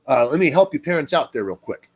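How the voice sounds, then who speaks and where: Animated rambling man, lively pitch. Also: quick pace, husky. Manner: rambling, lots of fillers, acts out quoted people in higher voice. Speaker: dog trainer. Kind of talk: casual talking-head monologue.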